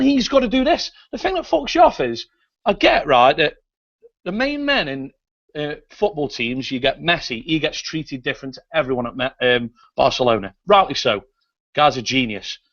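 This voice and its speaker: A Mancunian man with a high, lively voice that swings up and down as he rants. He talks bluntly and swears often, like a fed-up football fan on a talk show. The audio is dull and lo-fi. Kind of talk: heated fan rant.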